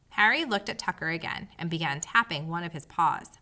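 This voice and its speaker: A woman reading a children's book aloud with expressive storytelling. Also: on the low side, fairly quick, few pauses. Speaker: audiobook reader.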